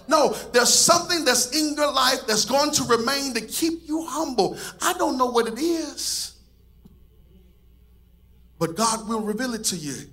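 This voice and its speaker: A man preaching a sermon as pastor, with a singsong cadence that rises to shouts. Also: very high-pitched, animated, a little slow.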